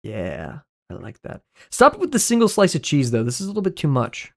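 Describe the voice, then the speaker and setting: A man's voice: mid-range voice, huge pitch swings, fairly quick, vocal fry. A man streaming live, rambling through casual commentary, swearing freely, joking and laughing often.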